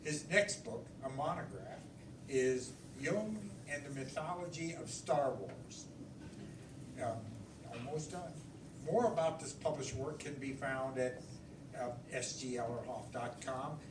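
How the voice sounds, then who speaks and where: A man introducing a guest author at a bookstore event, halting and with fillers. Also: mid-range voice. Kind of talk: reading a speaker introduction. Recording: echoey room, distant mic, crowd hum.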